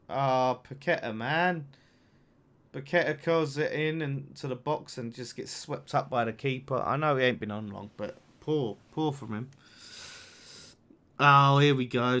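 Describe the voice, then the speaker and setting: Young guy hosting a football watchalong, bright punchy voice, swears, yelling at corners. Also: medium pitch. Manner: chatty, swears, reacts loudly to the game and reads super chats. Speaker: fan channel watchalong host. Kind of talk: live match watchalong commentary.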